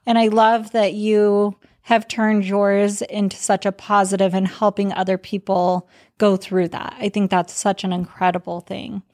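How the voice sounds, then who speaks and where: A woman of middle pitch hosting an interview. She asks her questions in a supportive, searching way, pausing on fillers as she finds the words. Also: level tone. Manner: warm, hesitant questioning with fillers. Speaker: host.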